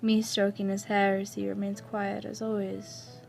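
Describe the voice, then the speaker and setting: A woman narrating a first-person fan fiction story in a soft, even reading voice. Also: mid-range voice, a little slow, vocal fry, faint music behind. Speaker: story reader.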